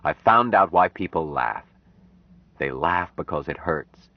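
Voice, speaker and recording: A calm, wondering man raised apart from humankind, as a male reader plays him, slow, earnest and gently solemn. His voice sits very low, and the recording is dry and slightly dull. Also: dry recording, full character voice.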